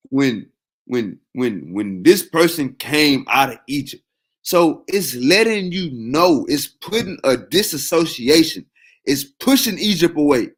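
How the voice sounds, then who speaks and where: A man talking casually, animated and repetitive, with heavy slang and profanity. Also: fairly high pitch. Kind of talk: casual freestyle talk.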